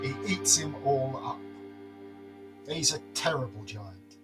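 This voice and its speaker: A man's voice: on the high side, animated, takes it slowly, pauses often, over loud music. Playful male storyteller. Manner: playful, wry, dramatic. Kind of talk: oral folk-tale storytelling.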